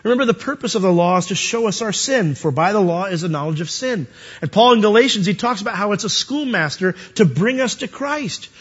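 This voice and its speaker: A man preaching a sermon, animated and rising to high emphatic peaks as he quotes scripture. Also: brisk, breathy edge, dull audio.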